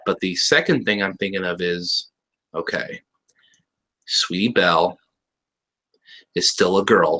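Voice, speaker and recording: Young male podcast co-host, bright forceful voice, animated and profane. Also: lowish voice, rough recording. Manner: animated, swears a lot, ranting. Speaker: podcast co-host reviewing a cartoon episode. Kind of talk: casual chat.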